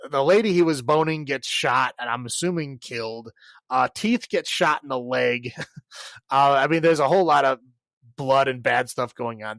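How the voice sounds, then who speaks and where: A man's voice: medium pitch, a bit bright, dry recording. A man co-hosting a podcast, casually recapping a film in a rambling way, full of filler words and laughs. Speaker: podcast co-host.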